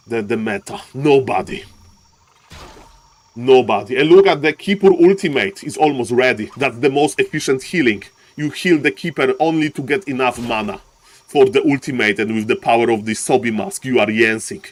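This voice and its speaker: Excitable male esports caster. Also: mid-range voice, slight background noise. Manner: excitable, swings from calm to yelling; repeats catchphrases. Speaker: game caster. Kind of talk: live esports commentary.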